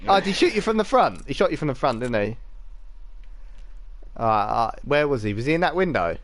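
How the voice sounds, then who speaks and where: A man's voice: medium pitch, sing-song, fairly quick. A man, live-streaming a shooter game and chatting in sweary, laughing banter with teammates. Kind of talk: casual gaming chat.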